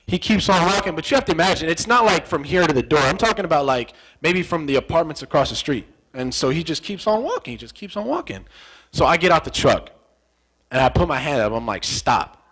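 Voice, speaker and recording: A man's voice: on the high side, sing-song, fast talker, fairly bright tone, rough recording. A young American man, a former soldier, telling a story in an interview. He talks animatedly, repeats phrases for effect, and acts out the dialogue he remembers.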